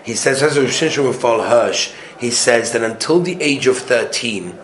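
A man teaching a weekly Torah class, telling the stories with energy. He swings from loud, excited bursts to soft, hushed asides and mixes in Yiddish and Hebrew study terms. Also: medium pitch, moderate pace. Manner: peppers speech with Yiddish and Hebrew learning terms.

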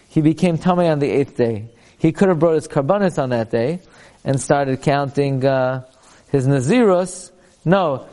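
A man's voice: mid-range voice, dark tone. A man teaching a Talmud class. He chants passages aloud and then explains them in plain English.

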